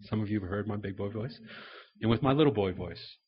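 A man's voice: lowish voice, a little fast, slightly rough, lo-fi sound. A man preaching a sermon, telling personal stories in an earnest way, repeating words and acting out conversations. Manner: earnest storytelling, repeats words, acts out dialogue.

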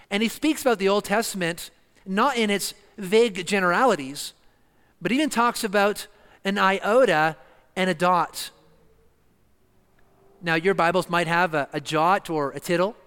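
A man preaching an expository sermon, emphatic and slowing down to stress key words. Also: high voice, a bit bright, clear, resonant tone. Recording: long reverb of a church hall.

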